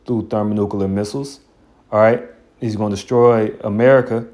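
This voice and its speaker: A man's voice: lowish voice, steady tone, moderate pace, a little mellow. A man teaching scripture in an informal, blunt and colloquial way, with scornful asides. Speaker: Bible teacher.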